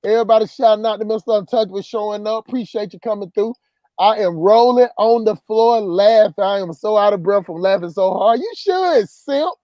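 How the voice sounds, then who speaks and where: A man's voice: sits high, a little fast, dark tone, no room sound, highs cut off. A man hosting a casual livestream, reading chat comments and telling stories in a loose, repetitive, laughing way. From southern US countryside. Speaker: livestream host.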